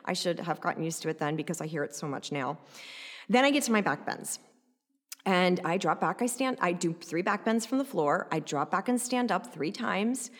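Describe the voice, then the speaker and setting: A woman recounting a personal story in an animated, conversational way, often adding "like" and "right?". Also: lowish voice, moderate pace, big-room sound.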